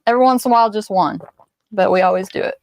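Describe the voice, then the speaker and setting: A woman's voice: mid-range voice, creaky, a little mellow, no echo. A woman co-hosting a live stream, reading out viewer comments and running the giveaways. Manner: reads viewer comments out, brisk. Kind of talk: casual live-stream chat.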